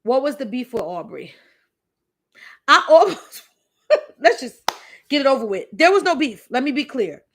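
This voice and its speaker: A woman's voice: high voice, very animated, moderate pace, long pauses. A woman, hosting a live question-and-answer stream and telling candid stories with emphatic repeats. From the Bronx, New York City. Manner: chatty, candid, tells anecdotes with emphatic repeats. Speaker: host. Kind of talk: live Q&A chat with storytelling.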